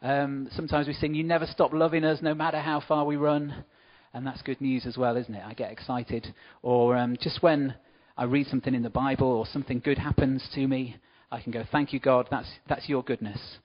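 A church speaker with a middle-pitched voice gives a relaxed, conversational talk, moving briskly with hardly any pauses. He adds warm, chatty asides to the congregation between points, and the recording sounds slightly muffled and dull.

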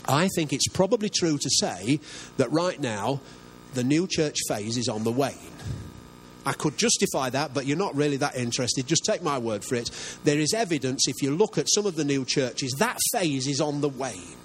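A man's voice: medium pitch, lively intonation, moderate pace, a little hiss or hum, low-quality recording. An older man preaching a sermon as pastor, earnest and emphatic, often asking his listeners questions.

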